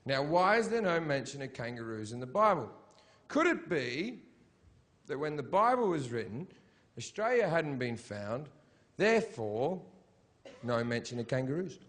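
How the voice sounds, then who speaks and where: Swearing constantly, this comedian performs a crude, provocative live set that escalates into shouted, mocking rants. He speaks at a moderate pace in a medium-pitched voice with big pitch swings.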